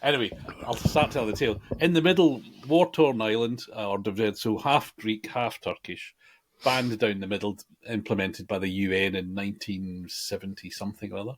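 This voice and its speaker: A man's voice: fairly low pitch, fairly even intonation, fairly quick. A man co-hosting a podcast, making wry, digressive asides. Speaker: podcast co-host. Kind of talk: casual chat.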